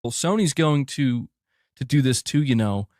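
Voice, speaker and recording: A man speaking on a gaming podcast in a clip being played back. He sounds exasperated and dismissive, at an ordinary pitch. The recording is dry and close. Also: expressive, moderate pace, a little mellow, no echo. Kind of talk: opinion podcast commentary.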